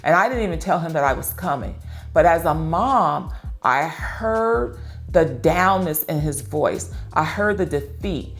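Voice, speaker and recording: A woman's voice: deep voice, animated, measured pace, soft background music. A middle-aged woman hosting her channel, talking earnestly and directly to parents and telling personal stories as advice. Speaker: channel host. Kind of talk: personal advice talk to camera.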